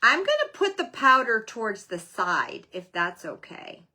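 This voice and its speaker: A woman hosting a casual live craft demonstration, chatting excitedly and calling out viewers by name. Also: a little high, measured pace. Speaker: livestream host selling craft supplies and clothes.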